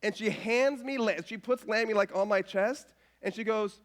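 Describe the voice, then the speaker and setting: Thirties guy preaching casual, pretty high voice, jokey and animated. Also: normal speed, few pauses. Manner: animated, self-mocking, drops to soft voice for quotes. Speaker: pastor. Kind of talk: casual sermon storytelling. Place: church stage.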